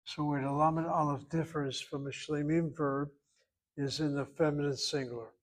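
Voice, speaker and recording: Man teaching Hebrew grammar, slightly high voice. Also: fairly even intonation, moderate pace. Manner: patient, explanatory, stresses pronunciation. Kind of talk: classroom grammar lesson.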